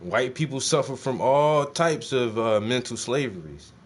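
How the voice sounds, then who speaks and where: A man streaming live while he paints, chatting casually to his viewers in a blunt, animated way, swearing freely and firing off rhetorical questions. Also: medium pitch, a little slow.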